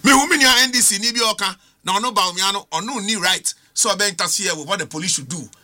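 A man's voice: high-pitched, quick pace, bright, forceful tone. A man with a Ghanaian accent, a political commentator on a studio panel, arguing with rhetorical questions and switching between English and Twi.

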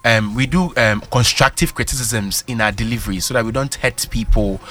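A man with a Ghanaian accent giving earnest, measured life advice on a radio show. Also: medium pitch, a bit bright. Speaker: guest giving life tips.

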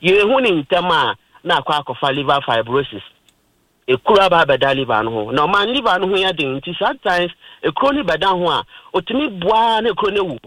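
A man's voice: high-pitched, lively intonation, fast, a bit bright, no echo, poor audio. Ghanaian man explaining health on radio. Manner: explanatory, lecturing with everyday examples. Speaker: health expert guest on radio. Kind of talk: radio health talk, mixing Twi and English.

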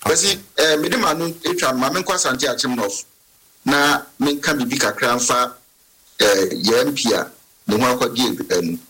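A Ghanaian man gives earnest radio commentary, pleading and persuasive. His voice is bright and forceful with a husky edge. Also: medium pitch, moderate pace, rough recording. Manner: earnest, pleading, switches between English and Twi. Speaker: political marketer on a radio panel.

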